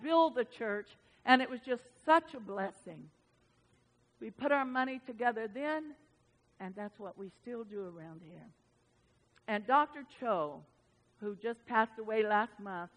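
A woman pastor preaches in a conversational, storytelling way, repeating words to press her point. Her voice sits a little higher than most women's. It carries a long reverb, as if it rings through a big sanctuary. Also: a bit bright. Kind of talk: sermon. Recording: long reverb of a large hall.

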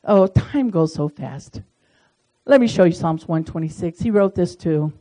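A woman's voice: lowish voice, animated, measured pace, dark tone, poor audio. A woman leading a small-group Bible study, talking in a folksy, chatty way and reading verses aloud. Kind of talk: casual Bible study teaching.

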